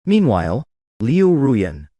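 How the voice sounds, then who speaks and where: A man's voice: medium pitch, huge pitch swings, slow pace, mellow, no room sound. A man narrating a first-person drama story in scripted narration style.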